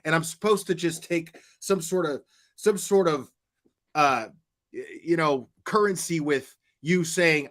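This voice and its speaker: Fairly high-pitched and a little bright, this man's voice belongs to a commentary streamer reacting in anger. He curses frequently and stutters as his temper rises.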